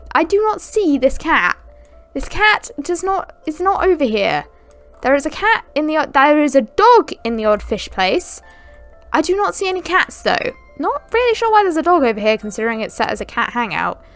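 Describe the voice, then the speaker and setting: Lively chatty young woman gamer. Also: high voice, moderate pace, faint music behind. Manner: chatty, giggly, talks to the characters. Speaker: gaming channel host. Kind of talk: casual let's-play commentary.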